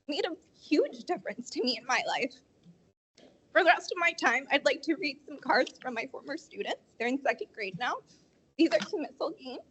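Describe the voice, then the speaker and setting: A young woman teacher speaks at a school board meeting. Her voice is high and rises and falls a lot. She sounds emotional, and her voice catches now and then. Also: a bit bright, low-quality recording. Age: 20s. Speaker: teacher giving public comment. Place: meeting hall.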